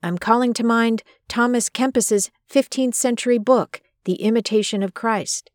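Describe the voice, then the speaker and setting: A woman hosting a podcast, reading a scripted narration and commentary in a measured, emphatic way. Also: a little high, dry recording, studio quality. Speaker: podcast host. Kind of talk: scripted narration of a personal story and biblical commentary.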